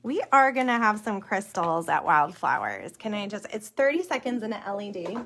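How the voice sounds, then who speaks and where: A young woman teaching nail art on a live stream. She chats with viewers as "you guys" and "y'all", full of fillers, and murmurs softly while she works. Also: medium pitch, sing-song, moderate pace, creaky, slight background noise. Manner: drops to a soft murmur while working close on the nail. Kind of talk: live tutorial demonstration.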